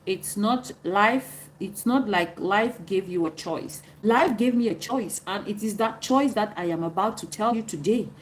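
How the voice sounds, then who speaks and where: A woman's voice: medium pitch, unhurried, few pauses, a little hiss or hum, rough recording. A woman hosting a livestream, giving earnest advice and answering viewers' comments by name. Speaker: livestream host.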